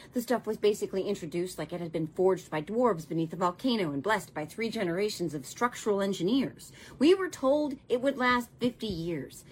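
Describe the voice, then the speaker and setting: Sarcastic husky-voiced woman ranting. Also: medium pitch. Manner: sarcastic, exasperated, profane. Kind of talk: scripted political commentary rant.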